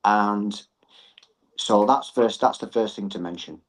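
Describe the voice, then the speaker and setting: A man's voice: fairly low pitch, a little slow, rough recording. A middle-aged man, a gym owner and coach talking earnestly as a podcast guest and repeating phrases for emphasis.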